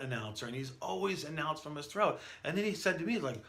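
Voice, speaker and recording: Brief: male pro announcer, instructor, chatty storyteller, bright and forceful tone. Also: on the high side, quick pace, vocal fry, hardly any pauses. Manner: energetic, conversational, storytelling. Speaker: professional event announcer and instructor. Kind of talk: instructional talk to camera.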